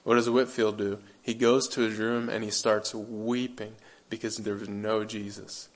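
A man's voice: fairly low pitch, little pitch movement, unhurried. A man preaching a sermon, earnest and emphatic, repeating phrases and asking his listeners rhetorical questions.

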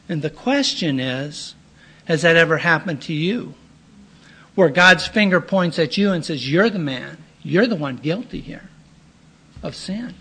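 A man preaching a sermon in an earnest, plain-spoken way, often pausing and clearing his throat. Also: high-pitched, pushed and bright.

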